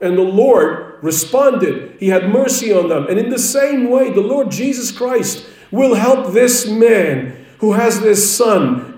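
A man preaches a sermon earnestly, driving his points home by repeating them. His voice sits high for a man and carries a heavy echo. He stands well back from the microphone. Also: darkish tone. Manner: earnest, emphatic, repeats key phrases. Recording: very echoey room, voice from a distance.

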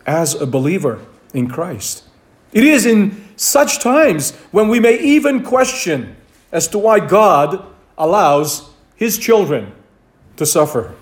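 A man preaches with a fairly high voice, leaning on key words and repeating them for emphasis. His delivery is measured and deliberate, the cadence of a pastor walking his congregation through a point step by step. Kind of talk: sermon.

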